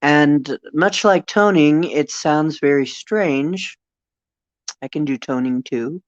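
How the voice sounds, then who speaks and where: Vlog host, slow and halting with many fillers, in a dry, dull lo-fi recording. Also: mid-range voice, dry recording. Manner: hesitant, musing, frequent fillers. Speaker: channel host. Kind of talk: casual spiritual talk.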